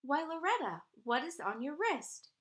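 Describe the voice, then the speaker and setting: A woman voicing a fretful, excitable mother in a storybook, with worried, high exclamations. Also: moderate pace. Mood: fretting.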